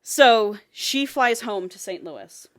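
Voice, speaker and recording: A woman's voice: on the high side, takes it slowly. A woman co-hosting a casual podcast, animatedly retelling a novel's plot and acting out the characters' lines. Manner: animated storytelling with quoted characters. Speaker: podcast co-host.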